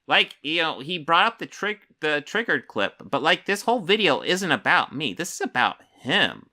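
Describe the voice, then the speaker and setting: A man's voice: on the high side, big pitch swings, moderate pace, few pauses, sharp tone. A man giving casual reaction commentary in a sarcastic, mocking, playful way.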